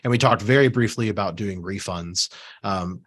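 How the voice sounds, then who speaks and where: A man giving a relaxed screen-share software tutorial, talking casually with fillers and asides while he has the hiccups. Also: fairly low pitch, normal speed, breathy edge. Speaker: software trainer.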